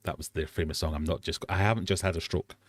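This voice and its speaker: Deep-voiced and steady in tone, this English host talks at a quick pace, with no room sound, as he runs a live quiz stream. He chats, pokes fun at himself, gets sidetracked on tangents, and bursts into goofy little songs.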